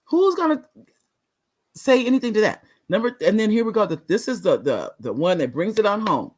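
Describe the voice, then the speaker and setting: A woman's voice: mid-range voice, big pitch swings, normal speed. A woman talk show host and author, teaching viewers how to say no and repeating key phrases for emphasis.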